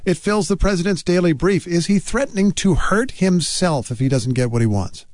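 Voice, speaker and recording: A man hosting a news interview, asking probing, deliberate questions. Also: sits high, darkish tone, no room sound, studio quality. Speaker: radio news host.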